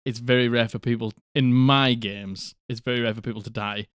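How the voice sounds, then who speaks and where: A man's voice: medium pitch, fairly even intonation, brisk, smooth, dry recording, clean studio sound. A man co-hosting a podcast, talking casually and often swearing, with a habit of asking if you know what he means. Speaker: podcast co-host, game master. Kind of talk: casual chat.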